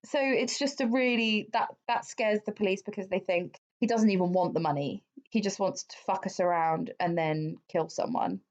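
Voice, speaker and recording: A woman co-hosts a podcast, recounting a true-crime case casually and chattily, swearing freely and using many fillers. Her mid-range voice is a little mellow, at a moderate pace with few pauses, on a dull lo-fi recording.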